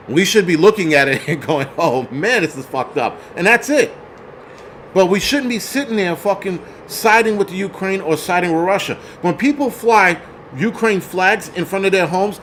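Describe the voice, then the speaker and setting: A man's voice: on the high side, slight background noise. A man hosting a show, ranting angrily and profanely at his viewers. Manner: profane, shouting, ranting at chat. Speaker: host. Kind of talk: angry livestream rant.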